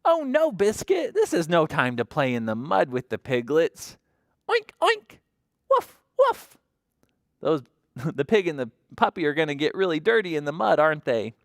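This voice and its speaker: A woman librarian reads aloud to toddlers in a sing-song, coaxing way, asking little questions as she goes. Her pitch rises and falls in big, lively swings. The recording is close and dry. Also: moderate pace, dry recording. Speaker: children's librarian. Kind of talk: toddler story time read-aloud.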